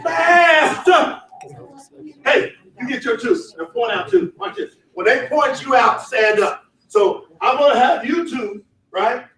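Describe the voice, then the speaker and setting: High-voiced man shouting to a hall. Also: lively intonation, slow pace, creaky. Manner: shouting, laughing, call-and-response with crowd. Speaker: sales trainer. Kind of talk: motivational seminar talk. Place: large event hall. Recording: echoey hall, voice from far off.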